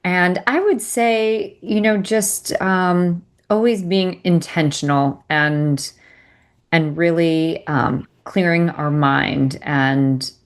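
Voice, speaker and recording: A woman guest on a wellness podcast answers in a relaxed, hesitant way, pausing with fillers. Her voice sits fairly low and she talks slowly. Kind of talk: casual interview chat.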